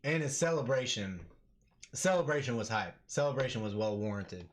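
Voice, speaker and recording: A man doing live play-by-play commentary on an MMA fight for his stream, talking casually and yelling with excitement at the big moments. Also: medium pitch, moderate pace, a little hiss or hum.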